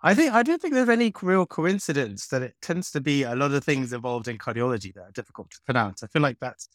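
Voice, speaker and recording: A man co-hosting a casual medical podcast, talking in a relaxed, reflective way and joking around. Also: mid-range voice, fast talker, no echo, clean studio sound. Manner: relaxed, reflective, playful with voices. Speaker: podcast co-host, doctor. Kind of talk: casual chat.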